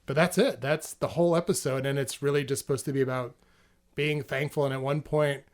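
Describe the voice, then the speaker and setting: Animated man retelling a cartoon. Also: mid-range voice, brisk. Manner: animated, acts out character voices while retelling. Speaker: podcast co-host. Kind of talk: casual chat.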